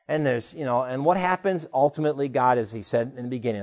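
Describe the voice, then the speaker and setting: Animated man preaching a sermon. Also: medium pitch, fast talker, few pauses. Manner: conversational, animated retelling with rhetorical questions. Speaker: pastor.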